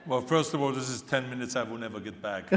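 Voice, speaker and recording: A man's voice: medium pitch, noisy background. Older man, Austrian accent, self-mocking jokes, echoey hall, faint crowd murmur. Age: 70s. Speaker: celebrity spokesperson guest. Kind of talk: joking onstage conversation. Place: large conference hall stage.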